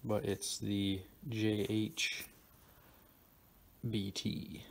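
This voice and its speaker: Low, flat-voiced man explaining a DIY fix. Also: creaky. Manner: halting, lots of ums and restarts. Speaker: DIY car audio tutorial host. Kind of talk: casual how-to explanation. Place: garage workshop.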